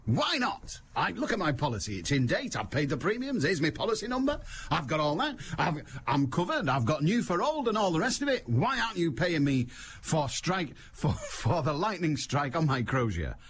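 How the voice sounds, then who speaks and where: A man's voice: a little high, very animated, moderate pace, a bit bright, slight background noise. A man putting on a comic impression voice to play an aggrieved bishop complaining to an insurance company.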